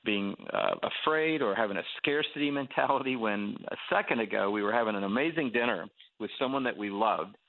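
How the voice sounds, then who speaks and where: A man who is a guest preacher, telling a story with animated delivery and acting out the voices of the people in it. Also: fairly low pitch, brisk, slight background noise. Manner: acts out quoted voices. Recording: tinny phone line.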